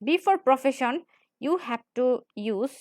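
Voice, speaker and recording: A woman's voice: high-pitched, lively intonation, no echo, studio quality. A woman teaching grammar in a classroom lecture style. She repeats points and often checks in with "right?". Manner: repetitive, explains slowly with frequent "right?".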